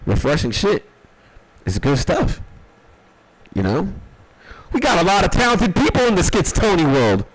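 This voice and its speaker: A young man livestreaming from his dark bedroom, chatting casually and profanely in a rambling, jokey way as he reviews listeners' beats. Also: sits high, wildly swooping pitch, normal speed, pauses often, husky, rough recording. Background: faint music.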